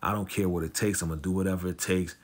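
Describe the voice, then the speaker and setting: A man voicing an ambitious young man in a TV drama recap, speaking low and earnest. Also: fairly even intonation, very fast.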